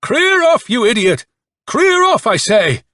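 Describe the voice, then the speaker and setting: A man's voice: very high voice, big pitch swings, slow pace, sharp tone, no room sound, clean studio sound, voice pushed up, exaggerated voice. A man voicing a fierce, commanding male army colonel who barks his orders like a bugle call, in an audiobook reading. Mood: furious shouting.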